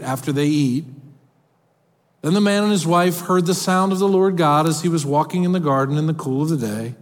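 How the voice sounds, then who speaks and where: A male pastor preaching a sermon, animated and emphatic, moving between his own words and storybook readings. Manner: animated, emphatic preaching with big pitch swings. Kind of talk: sermon with read-aloud storybook passages. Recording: long hall reverb.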